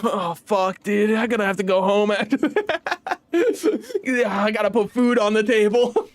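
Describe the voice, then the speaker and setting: Lively 20s guy streaming a game, swears a lot, laughs, goes off on tangents, high voice that jumps all over. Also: measured pace, no room sound. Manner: animated, laughing, swearing, rambling asides. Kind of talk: casual gaming livestream chat.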